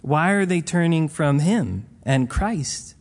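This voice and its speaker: A man's voice: fairly high pitch, expressive, slow. A man preaching a Bible teaching in a casual, conversational way, retelling scripture stories in plain modern words.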